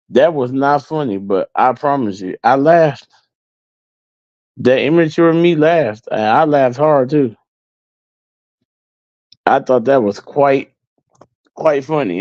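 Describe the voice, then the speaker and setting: A man's voice: mid-range voice, animated, a little slow, long pauses, a little mellow, no echo. Give me a male channel host chatting casually and laughing through a story, on a dull, close and dry recording. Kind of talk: casual storytelling to livestream viewers.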